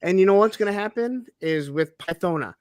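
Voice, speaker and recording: A man's voice: high-pitched, expressive, a little fast, very noisy. A man telling a story in a casual group chat, stammering on restarts and swearing now and then. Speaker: podcast co-host.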